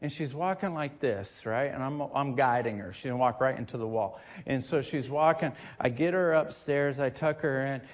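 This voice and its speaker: A male pastor giving a sermon, moving from a family story into loud, emphatic preaching with scripture reading. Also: medium pitch, moderate pace, few pauses.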